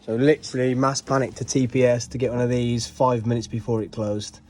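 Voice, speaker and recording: A man's voice: mid-range voice, flat delivery, a little fast, a little mellow, slight background noise. A man vlogging a car repair outdoors, chatting and explaining each step as he works. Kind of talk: casual hands-on vlog narration.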